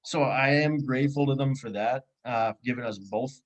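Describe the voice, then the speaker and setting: A man's voice: medium pitch, normal speed, poor audio. Easygoing man co-hosting a chat. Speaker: co-host. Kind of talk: casual chat.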